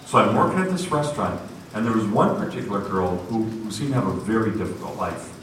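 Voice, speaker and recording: A man preaching a storytelling sermon in a lively, conversational way, recorded in an echoey hall from far off. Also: lowish voice, quick pace, a little hiss or hum.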